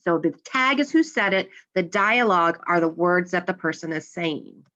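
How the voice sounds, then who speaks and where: A woman's voice: fairly low pitch, animated, normal speed, bright, forceful tone, dull audio. A woman teacher explaining a grammar lesson step by step, patiently, and acting out the example lines.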